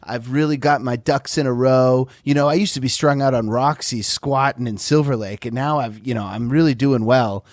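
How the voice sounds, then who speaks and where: A man's voice: medium pitch, moderate pace, hardly any pauses, no room sound, clean studio sound. A man co-hosting a podcast, telling stories and teasing his co-host in a crude, laughing way. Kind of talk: casual storytelling chat.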